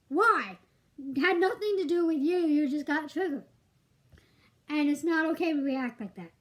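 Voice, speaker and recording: A young woman ranting bluntly on a commentary vlog, exasperated and swearing. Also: sits high. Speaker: YouTube commentator.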